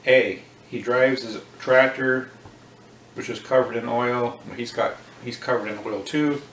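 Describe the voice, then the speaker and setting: A man's voice: medium pitch, steady tone, unhurried, fairly bright tone, recorded from a distance. A man vlogging in a casual joking monologue, rambling and thinking aloud with a self-mocking manner. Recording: roomy echo with faint noise.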